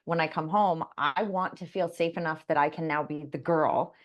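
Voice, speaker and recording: Woman cohost on a podcast, kinda low voice, candid and open about herself. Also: steady tone, moderate pace, highs cut off. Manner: candid, confessional. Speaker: podcast co-host. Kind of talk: casual podcast conversation.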